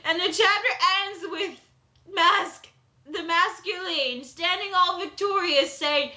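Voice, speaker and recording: A woman reviewing a manga chapter in a casual vlog, excitable, laughing and swearing. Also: extremely high pitch, slow. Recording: echoey room.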